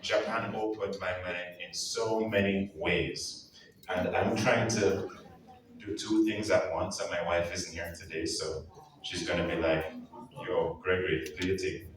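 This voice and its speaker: A man from Jamaica with a Jamaican accent, telling playful, emphatic stories in a lively speech to a live audience. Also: sits low, measured pace, background noise. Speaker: guest speaker at an anniversary event. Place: large event hall. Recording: echoey hall, far from the mic. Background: piano playing.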